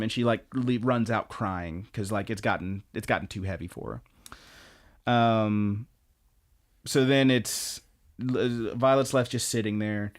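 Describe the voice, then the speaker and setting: A man co-hosting a podcast, casually recapping anime episodes in an animated, storytelling way and swearing now and then. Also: fairly low pitch, unhurried. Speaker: podcast co-host.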